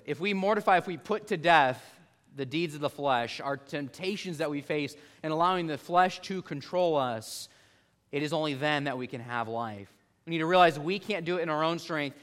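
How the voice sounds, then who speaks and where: Earnest preaching man, slightly high voice. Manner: earnest preaching, swelling louder and higher at key points, slowing for scripture. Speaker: pastor. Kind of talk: sermon.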